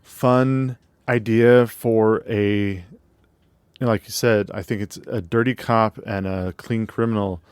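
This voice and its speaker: A man co-host in a relaxed movie chat, speaking in a lower voice. He talks in an easygoing, slightly hesitant way. The sound is dry and close. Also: unhurried, clear, resonant tone, no room sound. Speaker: podcast co-host. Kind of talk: casual chat.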